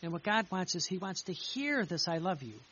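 A man's voice: high voice, very animated, a little fast, sharp tone. A man, a priest, giving an earnest sermon, reading passages aloud and then explaining them with frequent restarts and repetitions. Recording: slightly dull with faint hiss.

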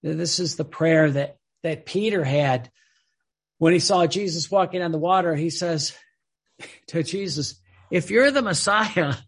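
A man delivers an impassioned sermon in a high, gravelly voice with a husky edge. He swings between loud emphatic phrases and hushed drops, often repeating words as he presses his point. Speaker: preacher.

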